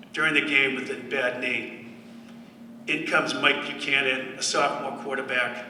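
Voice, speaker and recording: Bright-voiced man at a podium, dry storyteller, caught from across a roomy hall. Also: fairly high pitch, slight background noise. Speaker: former football player giving a speech. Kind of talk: speech to an audience. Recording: echoey hall from far off.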